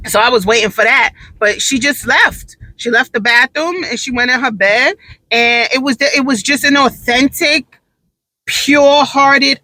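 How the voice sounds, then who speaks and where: A worn-out mom tells stories about her home life in an animated, sassy style and hammers her points with repetition. Her voice is sharp and forceful and sits high. The sound is close and dry, with no room echo. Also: moderate pace. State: tired, drained. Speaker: mother and vlogger. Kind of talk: casual storytelling monologue.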